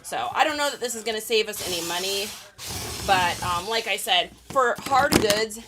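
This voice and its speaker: A woman's voice: medium pitch, animated, moderate pace, very noisy. A woman, chatting casually with viewers on a live stream as she packs items to ship. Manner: chatty, talks to viewers and reads their comments. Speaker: reseller live-streaming while packing orders.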